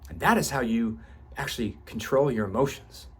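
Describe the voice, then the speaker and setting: A man's voice: mid-range voice, moderate pace, a bit bright, slightly rough. A man, 38 or older, speaks in a passionate motivational monologue about his own growth. He swears for emphasis, and his voice climbs as he grows fervent. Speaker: self-help vlogger.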